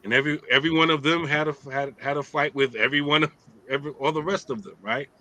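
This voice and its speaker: A middle-aged man leads a casual religious talk in a streetwise, joking way. His voice is bright and forceful, and he keeps checking in with his listeners by asking "right?". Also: a little high, steady tone, quick pace, no echo, rough recording. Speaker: host of an Islamic talk show.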